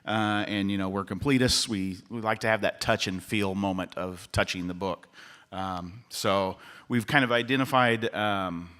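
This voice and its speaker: A man's voice: on the low side, fairly bright tone, clear, resonant tone. A man presenting to a panel audience in a casual, explanatory way, with many ums. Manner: filler-heavy, casual, explanatory. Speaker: panel speaker. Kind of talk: convention panel talk. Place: convention panel room. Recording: long hall reverb.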